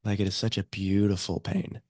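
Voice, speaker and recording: A man's voice: fairly low pitch, little pitch movement, darkish tone, no room sound, studio quality. A man in his thirties, a podcast guest, speaking reflectively and hesitantly. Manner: slow, reflective, hesitant with fillers. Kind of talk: casual conversation.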